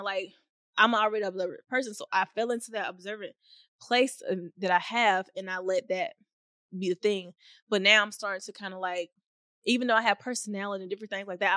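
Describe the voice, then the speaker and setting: A young woman hosts a faith podcast, speaking in a heartfelt, rambling flow with lots of fillers and restarts. She gets choked up and laughs through it. Her voice sits at a middle pitch, recorded very dry and close. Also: dry recording. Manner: emotional, near tears, laughing softly. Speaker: podcast host. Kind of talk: faith-based podcast talk.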